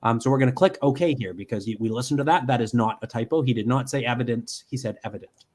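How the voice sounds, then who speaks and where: Talking fast in a medium pitch, a man presents software live from home. He goes step by step, with lots of ums and restarted sentences.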